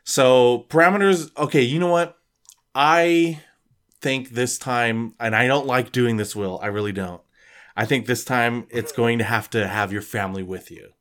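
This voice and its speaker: A man hosting a casual chat, telling a made-up scenario in a joking, lively way. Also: medium pitch, normal speed. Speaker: podcast host.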